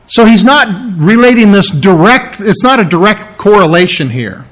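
Emphatic preaching man, slightly high voice. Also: a bit bright. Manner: emphatic, conversational preaching with rhetorical questions. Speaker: pastor. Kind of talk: sermon.

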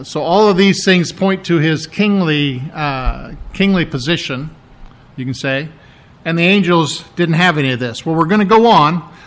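A man preaching an expository Bible lesson, stressing key words by repeating them and clearing his throat often, with casual asides and fillers. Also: a little high, fairly bright tone. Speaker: pastor.

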